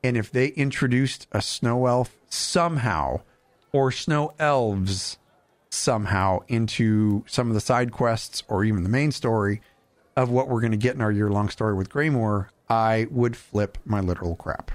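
A man hosting a casual gaming podcast, animated and jokey, with quick asides. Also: on the low side. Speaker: podcast host.

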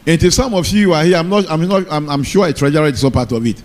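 A man's voice: on the high side, fast talker. A man preaching a sermon in church, often calling out to the congregation for an amen. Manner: call-and-response preaching, asks the congregation for amen. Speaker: pastor.

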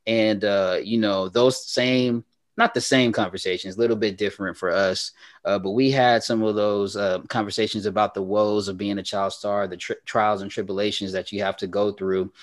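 A young man co-hosting a casual podcast, loose and laughing, with drawn-out hype on his greetings. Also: on the low side, flat delivery. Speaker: podcast co-host.

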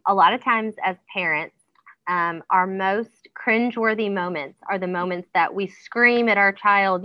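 A woman's voice: lowish voice, no echo, lo-fi sound. A woman in her thirties talking casually about parenting, with frequent ums. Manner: warm, frequent ums, acts out kids' voices. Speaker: parenting podcast guest. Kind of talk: casual conversational chat.

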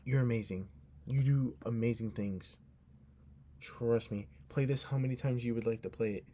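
Warm and mid-pitched, this young podcaster talks alone at a normal speed, with a slight hiss or hum in the background. His delivery is sleepy and sincere, wandering and interrupting itself.

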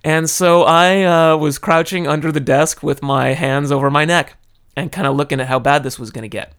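A man from California, animated and dramatic, telling a personal story into a close microphone. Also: fairly high pitch, normal speed, clean tone. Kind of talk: casual storytelling monologue. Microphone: close studio microphone.

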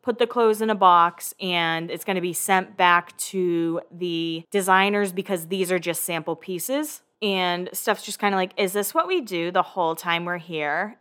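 A woman's voice: medium pitch, clear, resonant tone. Chatty young woman recapping a show. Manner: animated, acts out quotes from the show, swears casually. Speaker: recap podcast host. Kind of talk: casual chatty episode recap.

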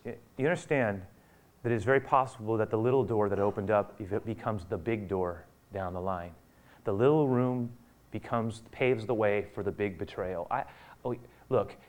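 A man preaching a sermon, acting out scripture quotes and swinging from loud urgent peaks down to a hushed near-whisper. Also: medium pitch. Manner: acts out quotes of biblical figures. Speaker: pastor.

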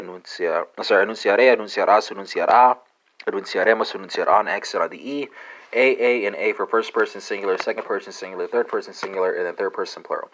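A man's voice: fairly low pitch, a bit bright, rough recording. A man hosting a language-learning podcast, spelling conjugations letter by letter with frequent "uh" and a questioning "right?".

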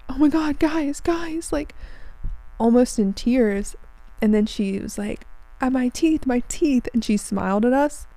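A young woman hosting her own show, chatting casually and telling lively, animated stories with frequent swearing. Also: medium pitch, dry recording, low-quality recording. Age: young adult. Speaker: podcast host. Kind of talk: casual chat.

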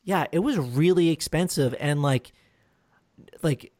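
A man's voice: on the high side, a little slow, a little mellow, no echo, studio quality. A man hosting a podcast, reviewing films in casual chat, rambling and swearing with lots of fillers and restarts. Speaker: podcast host.

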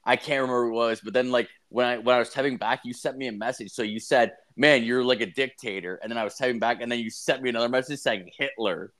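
A man's voice: medium pitch, fast talker, few pauses, a bit bright. A young man co-hosting a podcast, rambling and swearing constantly as he retells a story, jumping into a raised voice for the quotes. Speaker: podcast co-host. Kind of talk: casual profane chat.

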